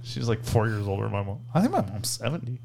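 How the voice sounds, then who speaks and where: A man's voice: on the low side, fast talker, creaky, slight background noise. A man co-hosting a podcast, trading crude, casual banter, swearing freely and laughing often. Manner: profane, animated, laughs often. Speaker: podcast co-host.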